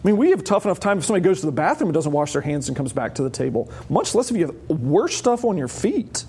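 A man preaching a sermon as pastor, animated and wry, often laughing as he explains a passage. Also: fairly high pitch, quick pace, slightly rough.

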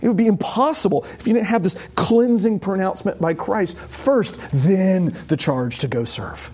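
A man's voice: high-pitched, moderate pace, darkish tone, slightly rough. A man preaching a sermon as a pastor, conversational and emphatic, asking the congregation rhetorical questions. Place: church.

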